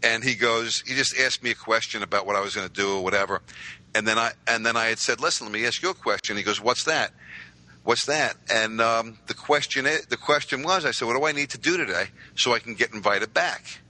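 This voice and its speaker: A man, telling stories as a podcast guest with lively voiced quotes. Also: mid-range voice, fast talker, poor audio. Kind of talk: casual storytelling.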